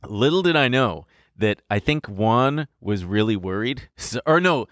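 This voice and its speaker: A man's voice: medium pitch, expressive, a little slow, fairly bright tone, no echo, studio quality. A young man co-hosting a podcast, telling a long personal story in a rambling, self-deprecating way and laughing between lines. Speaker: podcast co-host. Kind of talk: casual storytelling chat.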